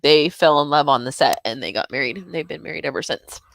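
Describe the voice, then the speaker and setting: A woman from California, guest co-host on a casual film commentary, chatty and quick to agree. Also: low-pitched, expressive, creaky, fairly bright tone.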